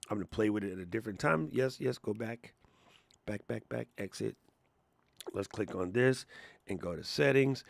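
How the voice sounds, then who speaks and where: A man with a low, gravelly voice hosts a live question-and-answer stream and talks in loose, slangy, lively bursts. The sound is dry and close, with almost no room in it. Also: no room sound. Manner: animated, slangy, chatty. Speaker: host of a live creator Q&A. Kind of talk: casual live-stream chat.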